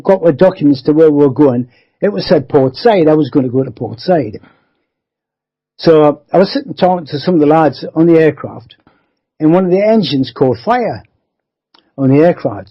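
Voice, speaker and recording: A man's voice: a little high, husky, dull audio. A man, rambling through a life story as a radio interview guest, often adding 'you see'. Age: 70s.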